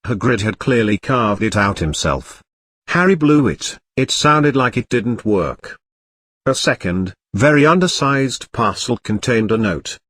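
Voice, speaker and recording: A man narrating a comic storybook parody in a deadpan reading style. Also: medium pitch, unhurried, no room sound.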